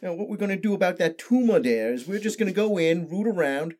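A breezy, crude backwoods doctor, as a guest puts him on, talking through surgery in offhand patter. His voice is pitched a little above his usual and stays mellow in tone. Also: animated, fast. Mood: jokey. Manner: jokey, offhand medical patter.

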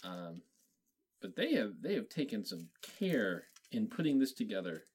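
A man chatting casually with a lively, swinging pitch. He jokes around and talks in a loose, chatty way. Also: normal speed, breathy edge. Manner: joking, chatty. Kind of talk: casual chat.

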